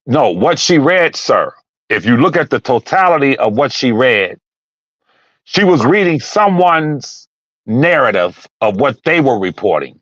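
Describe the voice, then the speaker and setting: A man's voice: mid-range voice, very animated, a little slow, a bit bright, no room sound, dull audio. A man calling into a live talk stream, arguing his point with heat, repeating himself and raising his voice. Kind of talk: heated casual debate.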